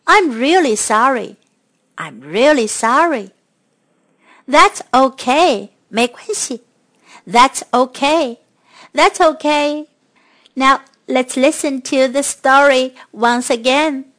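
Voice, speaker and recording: A woman gives a children's language lesson in a high, light voice, speaking very slowly. She repeats each phrase clearly so the children can follow along. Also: animated, a bit bright. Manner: slow, clear repetition for children. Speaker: children's English teacher.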